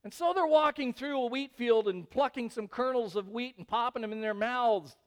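A male pastor preaching a sermon in an animated way, rising into loud, emphatic bursts. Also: extremely high pitch, normal speed.

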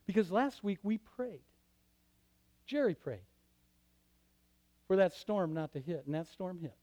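A man preaching a sermon as pastor, swinging from loud declarations to hushed, quiet passages. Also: sits high, expressive, unhurried. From Michigan.

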